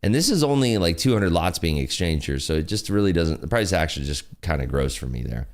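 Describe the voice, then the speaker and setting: Low-pitched and fairly quick, this futures trading livestream host swings widely in pitch as he rambles through relaxed commentary, leaning on lots of fillers.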